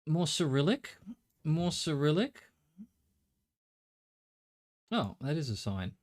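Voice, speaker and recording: A man's voice: a little high, sing-song, takes it slowly. A middle-aged Australian man streaming a game, thinking aloud in a rambling way and swearing casually. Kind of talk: live gameplay commentary.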